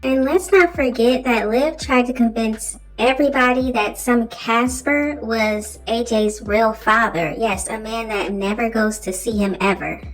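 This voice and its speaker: Woman commentator with a critical, questioning delivery and a soft music bed. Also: fairly high pitch, measured pace, few pauses, low-quality recording. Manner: critical, pointed rhetorical questions. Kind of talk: commentary on online drama.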